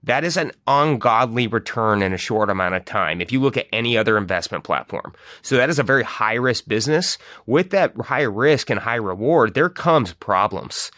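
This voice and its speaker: A man's voice: mid-range voice, lively intonation, pushed and bright, dry recording. A man hosting a podcast speaks in an emphatic, explaining way, leaning on key words. His voice is close and dry, with no room around it. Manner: emphatic, explanatory, slows down to stress points. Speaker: podcast host. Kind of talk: casual podcast talk.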